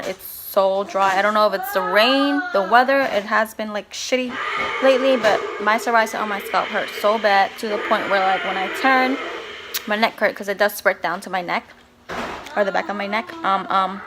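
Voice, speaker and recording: Chatty young mom vlogger, rambling and laughing, handheld camera, clear background noise. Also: female voice, mid-range voice. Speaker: vlogger, mother. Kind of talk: casual vlog talk to camera. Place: stores and home, in and out of doors.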